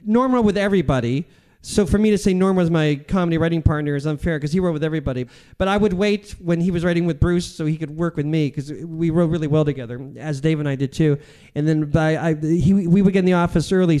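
Middle-aged male comedian; animated, self-deprecating storyteller with a smooth, slightly high voice. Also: fast, hardly any pauses. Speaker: guest comedian. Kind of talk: interview storytelling.

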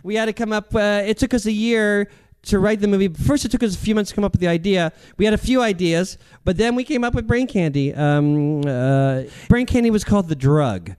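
Male comedian, interview guest; smooth, somewhat high voice, self-deprecating storyteller. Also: a little fast, a little mellow. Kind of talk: casual anecdotal interview.

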